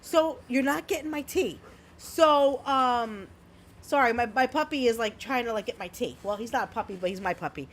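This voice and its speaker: A woman's voice: a little high, normal speed. A woman co-hosting a podcast, telling a story in a brash, swear-filled casual chat. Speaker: podcast co-host.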